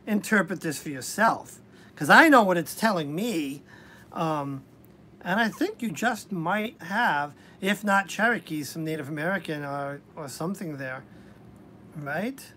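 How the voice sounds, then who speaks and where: A tarot reader does a casual live-stream reading, chatty and hesitant, restarting often. Her fairly low voice is husky and a bit bright, animated yet unhurried, with faint background noise.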